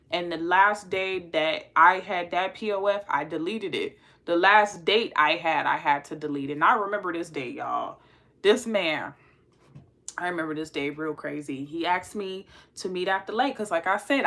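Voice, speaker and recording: Bright-voiced woman telling a laughing story. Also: mid-range voice. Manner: animated, laughing, slangy. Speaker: host telling a dating story. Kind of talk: casual storytelling.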